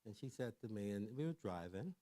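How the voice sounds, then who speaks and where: A middle-aged man giving a lively sermon-style talk on family and parenting, telling stories conversationally and checking in with the audience. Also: fairly low pitch, brisk. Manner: animated storyteller who acts out quoted voices. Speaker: church speaker on family and mental health.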